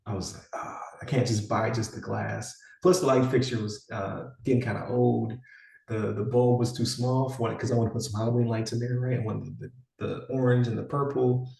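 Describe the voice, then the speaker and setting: A man's voice: mid-range voice, fairly even intonation, fairly quick, gravelly, warm tone, recorded from a distance. A man in his forties, co-hosting a podcast in rambling casual chat with many fillers and restarts. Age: 40s. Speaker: podcast co-host. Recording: echoey room, somewhat off-mic.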